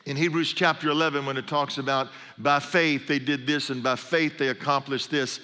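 A middle-aged male pastor preaching, his voice bright and forceful. He tells stories in a loose, conversational way with humorous asides. A long reverb trails each phrase, as in a large hall. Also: medium pitch, steady tone, normal speed. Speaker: pastor and sports chaplain. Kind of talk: sermon.

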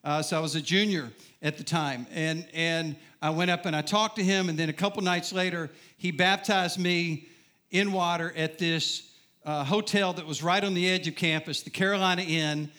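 A man's voice: on the high side, steady tone, moderate pace, pushed and bright. A middle-aged man preaching a sermon, telling his own story with humor and putting questions to the crowd. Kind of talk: sermon testimony.

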